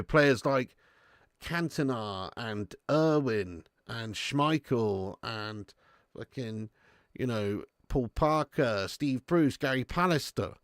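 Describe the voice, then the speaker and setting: A man's voice: medium pitch, dry recording, studio quality. A man in his thirties hosting a live football watch-along, chatting casually, swearing freely and answering viewers' comments. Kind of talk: casual live stream chat.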